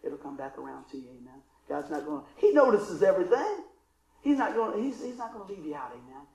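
Pastor guy preaching, kinda high pitched, folksy, roomy echo. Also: sing-song, quick pace, gravelly, a little mellow. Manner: folksy, call-and-response, acts out story voices. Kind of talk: sermon with humorous storytelling.

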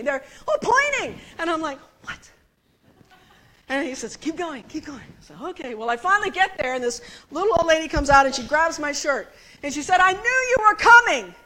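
A woman preaching a sermon, telling a story in a chatty, animated way and laughing with the congregation. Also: sits high. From United States.

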